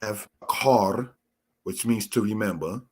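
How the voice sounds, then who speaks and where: Slow, husky-voiced man teaching scripture. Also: lowish voice, darkish tone. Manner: addresses listeners as brothers and sisters, measured and explanatory. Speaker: Torah teacher. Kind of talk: slow spoken Bible lesson.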